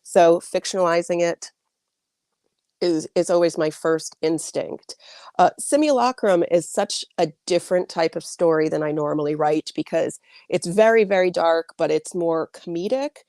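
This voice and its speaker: A woman's voice: fairly low pitch, normal speed, darkish tone, dry recording, studio quality. A woman author answering interview questions in a chatty way, full of likes and restarts, over a video call. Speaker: author guest.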